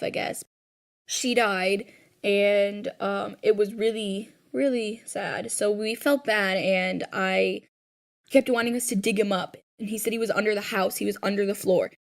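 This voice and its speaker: A woman retelling a scary personal story in casual, rambling speech full of "like" fillers, recorded at home. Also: mid-range voice.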